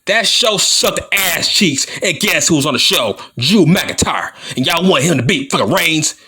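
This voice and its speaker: A man's voice: a little high, lively intonation, normal speed, sharp tone, slightly rough. A man from California with slurred, mushy speech and stutters, ranting as a wrestling vlogger in a taunting, profane heel-style promo. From Compton, California. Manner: taunting, combative, swearing often.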